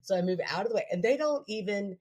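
A woman co-hosting a casual chat, telling a story with lively energy and frequent laughter. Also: mid-range voice, fast. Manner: animated, laughs often while telling stories.

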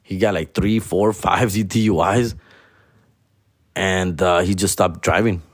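A man's voice: low-pitched, fairly even intonation, takes it slowly, dry recording, clean studio sound. A young man telling a profane, casual story, mixing Spanish and slang.

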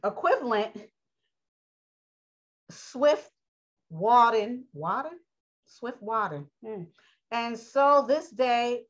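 A woman reads aloud from reference books in an unhurried, careful way, breaking off to put questions to her listeners and answer them herself. She trips over harder words and restarts them. The recording sounds dull and lo-fi. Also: medium pitch, a bit bright. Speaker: religious teacher. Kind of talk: reading aloud with commentary. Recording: dull lo-fi audio.

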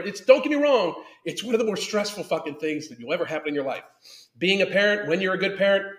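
A man's voice: fairly high pitch, roomy sound. A man in his thirties hosting a live podcast, swearing constantly in an angry, emphatic rant and reading chat comments aloud. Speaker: podcast host reacting to a video and live chat. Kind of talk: profane live-stream rant.

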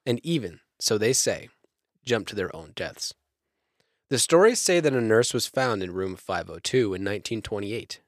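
With a voice on the low side, this young co-host works through his research notes evenly while trading comedic banter and doing joke voices. The sound is dry and clean, like a studio.

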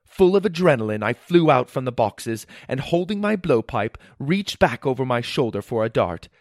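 A man narrating a children's adventure story in first person, animated and voicing the sound effects himself. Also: mid-range voice, normal speed, dry recording, clean studio sound.

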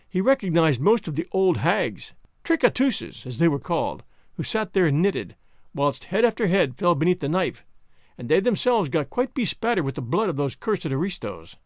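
A man's voice: on the high side, sing-song, moderate pace, no room sound, studio quality. A man narrating a classic novel aloud as a podcast host, reading expressively and dramatically. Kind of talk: scripted narration.

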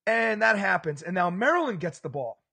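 A man's voice: sits high, a little fast, creaky, breathy edge. A man co-hosting a casual sports podcast, telling stories with animation and acting out the reactions of people around him. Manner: animated storyteller, acts out bar crowd reactions.

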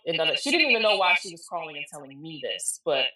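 Woman in her 40s telling her story, low voice but bright and forceful, mic far off. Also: quick pace, hardly any pauses. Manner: candid, animated, quotes people mid-story. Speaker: guest. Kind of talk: emotional personal storytelling. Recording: echoey room, distant mic.

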